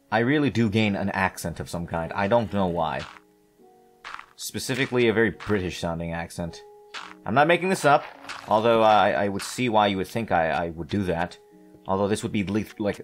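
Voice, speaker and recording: A man with a fairly low voice chats casually while he plays, wandering off topic and poking fun at himself. He stumbles and restarts his sentences as he thinks aloud, with soft music playing underneath. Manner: meandering, self-deprecating, hesitant restarts. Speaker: gameplay commentator. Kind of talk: casual rambling let's-play commentary.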